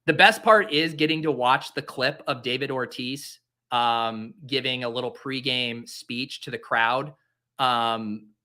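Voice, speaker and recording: Animated young man, bright forceful voice. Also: mid-range voice, measured pace. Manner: theatrical, exasperated self-mockery. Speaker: fantasy football host. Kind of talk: casual solo commentary while drafting.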